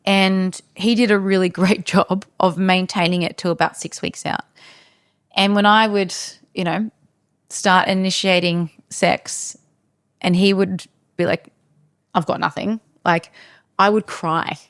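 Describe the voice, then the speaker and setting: A woman's voice: medium pitch, steady tone, a little slow, clear, resonant tone, no echo, studio quality. A woman talking as a podcast guest in a casual interview, candid and frank as she tells stories.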